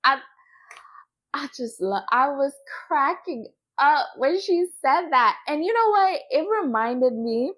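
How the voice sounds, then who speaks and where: A woman's voice: sits high, unhurried. A woman hosting a casual chat about a TV show. She talks to her viewers directly and drives her points home with a repeated "okay?". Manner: animated, emphatic, keeps adding "okay?"; addresses viewers directly as "y'all". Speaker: host reviewing a TV show.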